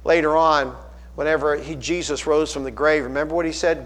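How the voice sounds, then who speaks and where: A man delivers a sermon in a fairly high voice, pressing his points with rising, emphatic appeals and frequent restarts. His voice carries a long reverb, as if filling a church sanctuary. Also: normal speed, fairly bright tone. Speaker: preacher.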